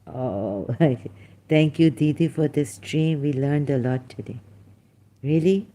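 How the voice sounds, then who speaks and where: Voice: mid-range voice, slow pace, mellow. A livestream host effusively thanking a viewer, repeating the thanks, laughing often and slipping into Hindi phrases.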